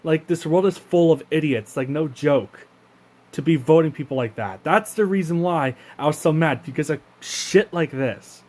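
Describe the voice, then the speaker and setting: His voice is on the high side, a little mellow, and moves at a moderate pace. He's a channel host from Canada giving a profane, indignant, casual rant to camera, frequently breaking off and restarting his sentences.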